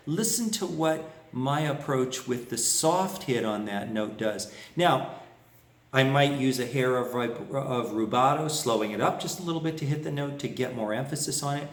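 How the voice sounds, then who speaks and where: A man's voice: medium pitch, moderate pace, roomy sound, far from the mic, faint music behind. A man teaching harmonica phrasing, explaining and humming phrases to show them. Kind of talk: music lesson with played examples.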